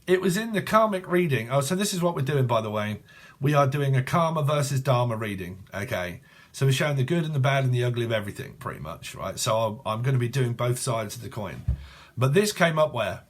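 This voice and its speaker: Blunt, profane tarot reader. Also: male voice, mid-range voice, animated, a little fast. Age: 40s. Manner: blunt and profane, laughs often. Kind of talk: casual online tarot reading.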